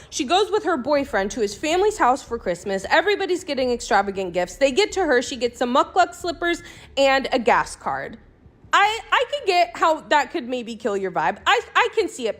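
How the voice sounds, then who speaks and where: Woman, online rant, indignant and incredulous, high lively voice. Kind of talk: commentary rant on a viral video.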